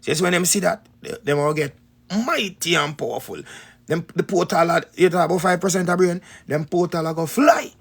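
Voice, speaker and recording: Casting: Jamaican man, gravelly, slightly high, emphatic spiritual teacher. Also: fairly quick. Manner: repetitive, emphatic, rhetorical questions. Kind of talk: preaching talk to followers.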